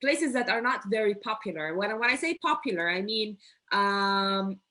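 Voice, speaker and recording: A woman's voice: mid-range voice, expressive, moderate pace, bright, forceful tone. A woman hosting a casual interview, chatty, asking questions and reading out viewer comments. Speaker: interviewer, academy host. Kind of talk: casual interview on a live stream.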